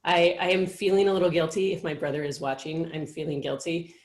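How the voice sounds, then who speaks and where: A woman hosting a casual live show, chatting encouragingly with frequent pauses and "um"s. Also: sits low, a little mellow, echoey room. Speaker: host.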